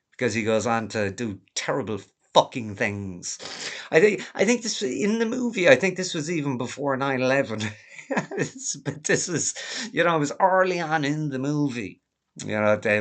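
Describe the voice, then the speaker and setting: A man's voice: medium pitch, lively intonation, moderate pace, fairly bright tone. A man delivering a rambling, profane monologue, laughing often as he digresses. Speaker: vlogger.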